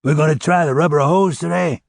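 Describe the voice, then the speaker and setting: A man voicing a tough, defiant captive who answers with loud sarcasm and insults. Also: a little high, steady tone, fairly quick, gravelly, no room sound, studio quality, voice pushed up.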